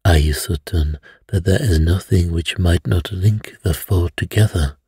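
A man reading as a soft-spoken, placid old detective. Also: sits low, unhurried, slightly rough, dry recording, clean studio sound, full character voice. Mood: calm probing.

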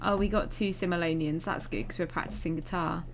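A young woman with a fairly low, steady voice talks fairly quickly while playing a life-sim game. Her casual commentary is chatty and self-mocking, with occasional swearing when she gets annoyed.

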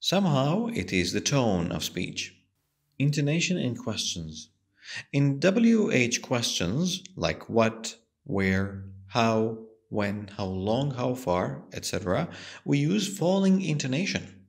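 Slow, gravelly male English teacher. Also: very animated. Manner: slow, patient explaining with strongly rising and falling pitch. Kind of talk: explaining a textbook lesson.

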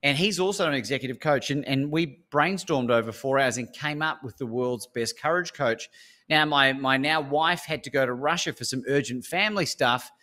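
A man's voice: medium pitch, moderate pace, bright, forceful tone. An Australian man, a speaker and coach, telling a story as an interview guest and acting out the phone calls.

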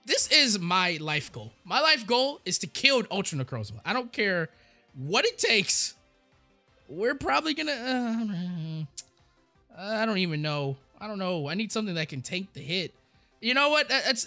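A young man giving casual, rambling gameplay commentary, excitable and stammering as he repeats words. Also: high-pitched. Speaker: gaming YouTuber.

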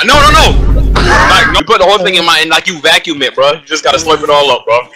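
A man's voice: fairly high pitch, fast talker, bright, forceful tone, soft background music. A man chatting over a gaming headset, joking and boasting in a crude, playful way, laughing often. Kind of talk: casual gaming chat. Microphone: headset voice chat.

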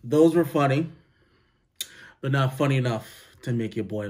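A man's voice: medium pitch, normal speed, pauses often, darkish tone. A male reaction video host, laid-back and boastful, talking casually to viewers. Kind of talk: casual chat.

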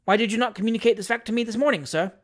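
A reader voicing a cool, indifferent military officer with a crisp, detached manner. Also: mid-range voice, rapid-fire, voice pushed up, close to an everyday voice. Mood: stern. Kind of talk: audiobook reading of a classic novel.

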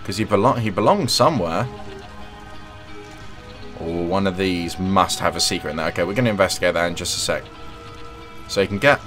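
Over background music, a young man in a low voice offers brisk but jokey let's play commentary broken by long pauses. He stays chatty, hums, and talks to the characters in the game.

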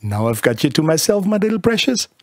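An effusive young wife and mother, giddy and breathless, voiced by a man reading a storybook. Her voice sits well above his own and carries a husky grain. It is recorded dry and close, with no room around it. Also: mid-range voice, animated, moderate pace, darkish tone, no room sound. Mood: doting.

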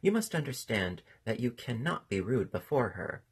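A man's voice: mid-range voice, very animated, normal speed, slightly rough, heavily acted. A man voicing a brave, homely male moth in a storybook, speaking in an earnest, modest way. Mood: stern.

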